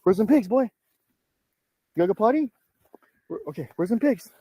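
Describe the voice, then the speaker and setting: A man from California hosting a casual live-stream vlog outdoors, chatty and excitable, swearing now and then as he coaxes his dog along. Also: high-pitched, normal speed, husky, dry recording.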